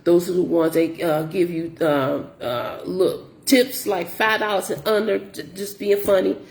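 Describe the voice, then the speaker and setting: A woman's voice: fairly low pitch, unhurried, gravelly, echoey room. A middle-aged woman, a grocery delivery shopper telling stories in a casual vlog, repeating herself as she vents about rude customers. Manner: animated, repetitive, exasperated retelling.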